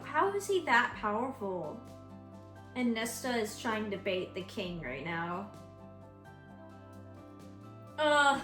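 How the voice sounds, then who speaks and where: A woman talking casually in a reading vlog, chatty and excitable, with many fillers and restarts. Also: medium pitch. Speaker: book vlogger. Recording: roomy echo with faint music.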